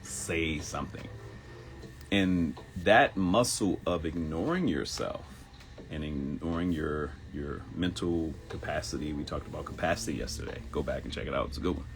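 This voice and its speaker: Man, 50s, live morning-show host. Deep gravelly voice, animated pitch, preachy and repetitive, faint room hum. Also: normal speed. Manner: preachy, repeats phrases, jumps into high mock voices for quotes. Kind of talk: motivational live-stream monologue.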